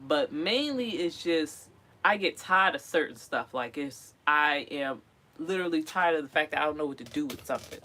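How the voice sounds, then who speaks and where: A woman's voice: low-pitched, moderate pace. A woman, chatting casually and animatedly as she goes through old things in her tiny home on wheels. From Philadelphia. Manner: chatty, animated, breaks into singing snippets. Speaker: vlogger. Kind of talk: casual chat.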